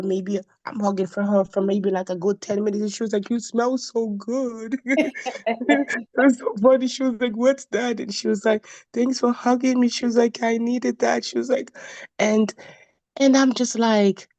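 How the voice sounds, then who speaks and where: A woman sharing a faith-based testimony, telling her story with lively quoted dialogue and repeating phrases for emphasis. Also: mid-range voice. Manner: animated storytelling, acting out quoted voices. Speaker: motivational speaker.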